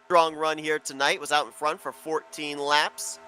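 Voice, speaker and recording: A man giving play-by-play commentary on an online sim race, steady and informative, building excitement as the racing gets close. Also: on the high side, moderate pace, music in the background.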